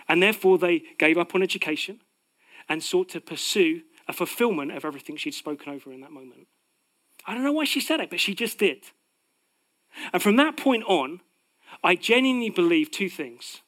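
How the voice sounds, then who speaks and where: Animated male preacher, high voice. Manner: animated, swings from loud proclaiming to hushed. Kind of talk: sermon.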